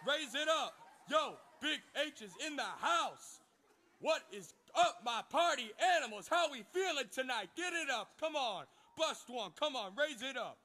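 A performer playing a hyped-up horse who acts as the party MC, loud and laughing. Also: male voice, extremely high pitch, lively intonation, normal speed, heavily acted. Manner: loud, hyping the crowd, laughing. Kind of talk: school stage musical acting.

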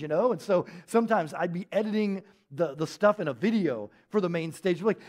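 A man preaching a sermon in a church, telling stories in a casual, animated way with lots of filler words. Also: high voice, a little fast, few pauses. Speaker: pastor.

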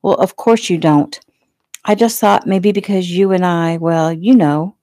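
A woman voicing a jealous, bullying small-town male police officer who talks loud and pushy. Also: high-pitched, measured pace, no echo, clean studio sound. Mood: defensive.

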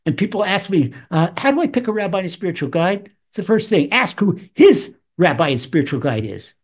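A man teaching Psalms as a rabbi, animated, acting out voices with wide swings in pitch. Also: a little fast. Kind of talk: Torah lesson.

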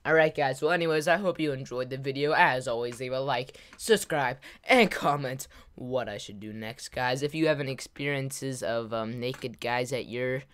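A young man casually telling a story to his video audience, rambling and excitable, with lots of fillers and laughter. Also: mid-range voice, moderate pace, hardly any pauses, smooth. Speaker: gaming vlogger.

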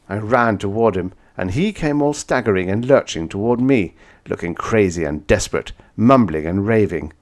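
A man with a very low voice reads a dark first-person science fiction audiobook. His delivery is dramatic and intense, and his pitch rises and falls widely as he tells the story. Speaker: audiobook narrator. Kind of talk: scripted first-person narration.

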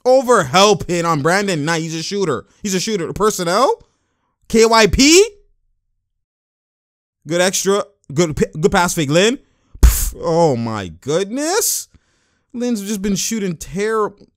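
A man giving a casual, excitable breakdown of basketball game footage, with lots of slang and exclamations. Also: high voice, unhurried, dry recording, clean studio sound. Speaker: basketball commentator.

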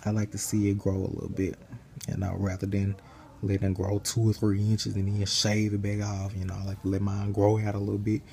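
A tired young man talking casually to his camera while lying in bed, rambling in a relaxed way. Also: lowish voice, a little fast, vocal fry. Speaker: vlogger. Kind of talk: casual chat.

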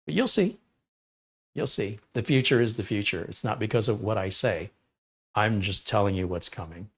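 A man's voice: fairly low pitch, steady tone, moderate pace, a bit bright, husky. A man hosting a live tech stream, reading viewer chat and giving opinionated, enthusiastic answers. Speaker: livestream tech host.

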